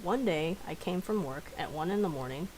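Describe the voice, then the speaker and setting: A woman's voice: lowish voice, lively intonation, a little fast, darkish tone, a little hiss or hum, poor audio. A young woman telling stories casually on a live stream, chatty and profane, laughing often.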